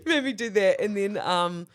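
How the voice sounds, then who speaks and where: An animated woman in her thirties with a New Zealand accent, her pitch leaping up and down as she tells stories. She chats casually as a podcast co-host, acting out the other people in her stories and swearing freely. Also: fairly quick. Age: 30s. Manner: animated, swears, acts out quoted voices. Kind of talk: casual chat storytelling.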